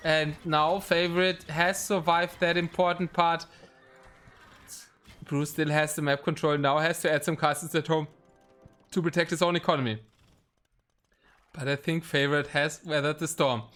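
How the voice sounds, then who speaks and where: High bright-voiced excitable male caster. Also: normal speed, pauses often, faint music behind. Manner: excitable, rambling with fillers. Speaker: game caster. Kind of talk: live esports commentary.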